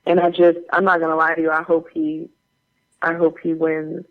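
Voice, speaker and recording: A woman's voice: sits low, moderate pace. Lady guest spinning chatty stories, lotsa um and like, kinda muffled lo-fi audio. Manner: animated, chatty anecdote-telling with many fillers. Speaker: guest actor. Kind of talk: casual interview storytelling.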